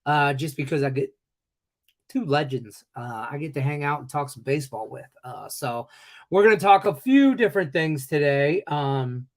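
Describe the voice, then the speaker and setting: A man's voice: a little high, animated, normal speed. A man in his forties hosting a sports betting show in an upbeat, joking way with rambling asides, hiccuping now and then. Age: 40s. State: has the hiccups. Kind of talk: casual live show hosting.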